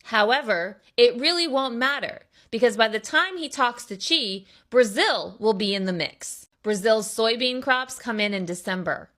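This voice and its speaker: A woman's voice: fairly high pitch, animated, moderate pace, few pauses, fairly bright tone. A woman earnestly explaining a political issue in a commentary video.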